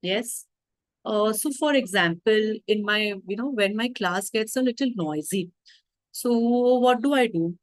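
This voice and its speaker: A woman leading an online teacher training over a video call, explaining calmly and checking in with "okay?". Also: mid-range voice, measured pace, low-quality recording.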